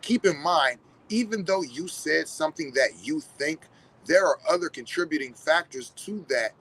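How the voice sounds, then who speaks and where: A man's voice: on the high side, animated, moderate pace, a bit bright, husky, rough recording. A man in a reflective casual monologue, speaking directly to his viewers in a conversational, profane way. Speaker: vlogger.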